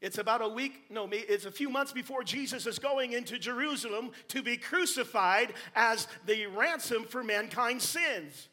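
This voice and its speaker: A man preaching a sermon, swinging between quiet asides and shouted emphasis, with playful jokes and wordplay for the congregation. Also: extremely high pitch, moderate pace, few pauses.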